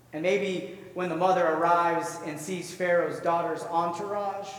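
A man with a fairly high voice preaches a sermon, spinning the story in a lively, conversational way and asking his listeners to picture each scene. His voice booms around a large hall with a long echo and is picked up from well away from the mic. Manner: vivid, conversational, rhetorical questions. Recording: echoey hall, far from mic.

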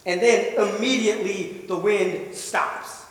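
High-voiced preacher echoing in a hall. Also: male voice, steady tone, slow pace. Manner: vivid storytelling with rhetorical questions. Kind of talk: sermon. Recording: echoey hall, voice from far off.

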